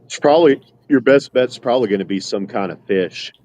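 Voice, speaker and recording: A man's voice: medium pitch, fairly quick, a little mellow. A man co-hosting a casual podcast, joking around and hesitating with fillers. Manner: joking, hesitant, laid-back. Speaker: podcast co-host. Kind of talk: casual chat.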